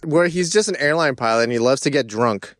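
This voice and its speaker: A man co-hosting a comedy podcast, joking loudly and riffing in casual banter. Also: mid-range voice, expressive, a little fast, dry recording, clean studio sound. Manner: loud, joking, riffs on bits. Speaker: podcast co-host.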